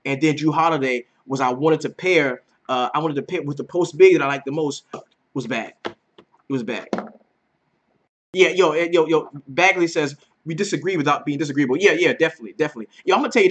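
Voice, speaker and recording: Animated, slangy man breaking down fantasy picks. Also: fairly high pitch, fast, few pauses, a little hiss or hum. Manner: animated, slangy, swears freely. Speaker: daily fantasy sports host. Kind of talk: casual sports betting breakdown.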